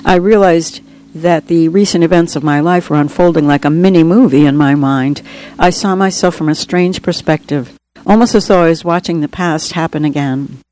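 An author reading aloud from their own memoir in an earnest, steady storytelling manner. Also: medium pitch, normal speed, low-quality recording.

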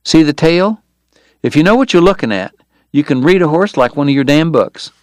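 A man's voice: a little high, lively intonation, normal speed, a little mellow, no echo, pitched above the performer's own voice, lightly acted. A young cousin who knows horses and lectures a child about them, coarse and bossy, as a male narrator voices him. The voice lifts a little above the reader's own, read dry and close for an audiobook. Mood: lecturing.

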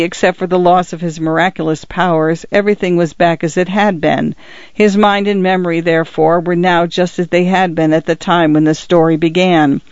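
A man reading a story aloud as an audiobook narrator, in a measured, expressive storytelling manner. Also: sits high, smooth, no echo, lo-fi sound.

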